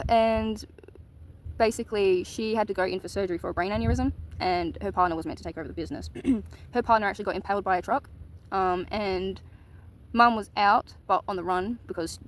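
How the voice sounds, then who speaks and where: A woman's voice: mid-range voice, fairly quick, low-quality recording. A woman telling a personal story in a casual, candid monologue, swearing casually. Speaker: vlogger.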